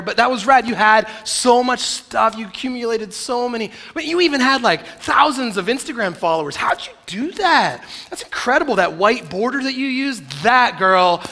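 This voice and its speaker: A man voicing an overexcited male divine figure who gushes with mock admiration in a loud, high, exaggerated voice. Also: lively intonation, very fast, few pauses. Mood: gushing sarcastic. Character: gushing overexcited male divine greeter, sarcastic.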